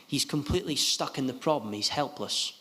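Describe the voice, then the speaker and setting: Earnest preacher in a reverberant hall. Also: male voice, medium pitch, sharp tone. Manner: earnest, halting with many restarts. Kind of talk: sermon. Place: gospel hall.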